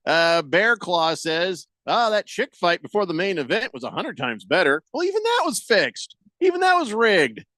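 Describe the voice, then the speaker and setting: A man's voice: high-pitched, moderate pace, hardly any pauses, no room sound. A man hosting a sports radio show, chatting casually, reading listener texts and ranting in exasperation. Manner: animated, exasperated rants with mock-quoted voices.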